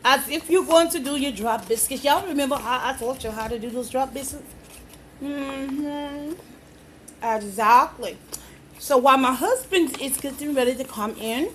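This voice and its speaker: A woman with a high voice talks her viewers through a recipe at an unhurried pace. She is playful and folksy, addressing the audience directly. Steady kitchen noise runs under her voice. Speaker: home cook. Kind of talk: cooking demonstration. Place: home kitchen.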